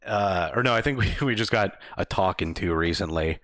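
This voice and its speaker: A young man co-hosting a podcast, telling a work story in casual, profane chat, laughing often and acting out quotes in a higher voice. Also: fairly quick, fairly bright tone, no echo, studio quality. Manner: laid-back, swears a lot, laughs often, acts out quotes in higher voices. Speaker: podcast co-host.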